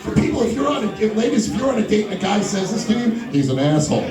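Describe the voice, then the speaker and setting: Young guy comic, high and lively, playful crowd banter; echoey room, off-mic, audience audible. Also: racing, far from the mic, over music. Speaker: stand-up comedian. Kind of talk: stand-up comedy set. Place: live comedy venue with audience.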